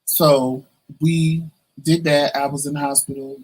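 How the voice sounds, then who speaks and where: In a fairly high-pitched voice and a slightly slow delivery, a vlogger tells the camera a personal story with a casual, animated, chatty feel. He acts out the quoted voices of the people involved, and the recording is rough.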